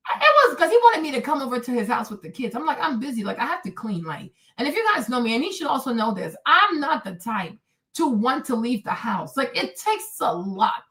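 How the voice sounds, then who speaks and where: A woman in her forties with a high voice hosts her own livestream. She talks in an emphatic, animated rant, one moment shouting and the next dropping into low asides. Her delivery is candid and unscripted. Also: fairly quick. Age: 40s. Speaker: livestream host.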